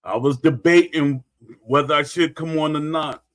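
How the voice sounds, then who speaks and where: A man hosts his own gaming talk stream in a casual livestream rant, emphatic and repetitive, circling back to his points and often restarting sentences. His voice is fairly high and a bit bright, at a moderate pace.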